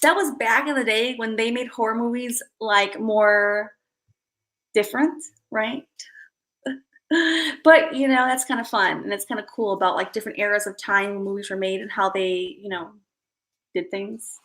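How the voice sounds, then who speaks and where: A woman's voice: medium pitch, fairly even intonation, moderate pace, fairly bright tone, rough recording. A woman in her thirties chatting casually with her stream viewers, rambling and self-deprecating. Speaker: live streamer.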